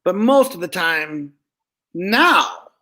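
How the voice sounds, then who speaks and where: A man, a ventriloquist guest, telling show-business stories in an animated, chatty way. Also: high-pitched, slow pace. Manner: animated storyteller, chuckling at old jokes. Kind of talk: casual interview chat.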